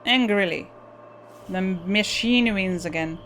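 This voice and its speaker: A woman playing a video game, reading the on-screen text aloud and breaking off with blunt swearing and quick asides. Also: medium pitch, soft background music.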